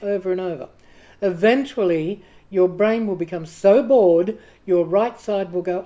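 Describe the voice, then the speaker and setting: A woman with a fairly low, warm voice hosts a writing group, speaking at a normal pace. She chats casually to the camera, dropping self-deprecating asides and acting out quoted inner voices.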